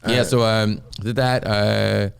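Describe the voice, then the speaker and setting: A man's voice: lowish voice, flat delivery, takes it slowly, vocal fry, smooth, dry recording, studio quality. A man from the US, a guest comedian, telling stories in a casual podcast chat with a laid-back, rambling manner and lots of filler words. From United States.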